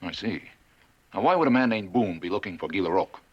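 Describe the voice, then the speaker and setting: A man's voice: sits low, expressive, fast. Cagey, suspicious frontiersman. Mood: guarded. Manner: probing questions, guarded. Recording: muffled old TV soundtrack with faint hiss.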